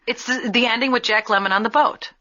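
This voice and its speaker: Female comic co-host: bright, self-deprecating, laughs easily, lo-fi sound. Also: on the high side, steady tone, fast. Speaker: podcast co-host. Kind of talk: comedic banter. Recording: dull lo-fi sound.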